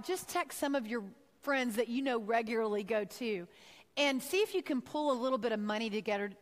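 A woman from Texas, her voice a little high, delivers a heartfelt, sermon-style devotional talk in a large hall. She tells a personal story and acts out her own thoughts along the way.

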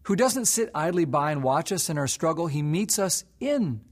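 A male pastor delivering a sermon with a fairly high, husky voice. He drops to near whispers for prayer, then climbs in pitch and force for emphasis. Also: expressive, normal speed. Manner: swings between soft hushed prayer and rising impassioned emphasis.

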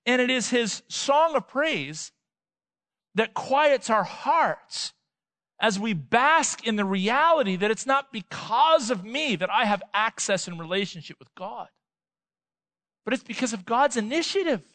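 A man preaching a sermon, emphatic, with rhetorical questions and swings between loud and soft. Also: extremely high pitch, expressive, measured pace, no room sound. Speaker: pastor.

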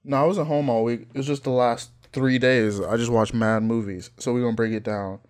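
A young man co-hosting a casual podcast chat, telling stories in an animated, slangy way with frequent laughs. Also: medium pitch, a little fast. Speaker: podcast co-host.

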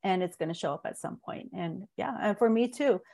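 Gravelly-voiced woman telling her story. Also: medium pitch, mellow. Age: 40s. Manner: earnest, halting, many restarts. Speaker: guest. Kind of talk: podcast interview, personal story.

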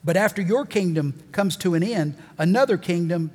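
A man preaching a sermon as pastor, folksy and animated, with joking asides and repeated emphasis, in a church sanctuary. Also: high voice, moderate pace, husky. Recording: long reverb of a church hall.

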